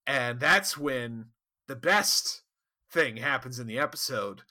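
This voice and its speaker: A man co-hosting a casual podcast, recapping an episode in an animated, laughing and profane way. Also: mid-range voice, takes it slowly. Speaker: podcast co-host. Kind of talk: casual chat.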